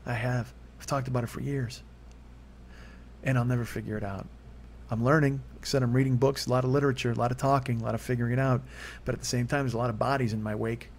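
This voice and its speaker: A man in his forties talks fast in a level, mid-range voice while telling a personal story solo. Candid and rambling, this confessional piece has his voice shooting up as he gets agitated, with a bit of hiss or hum behind it.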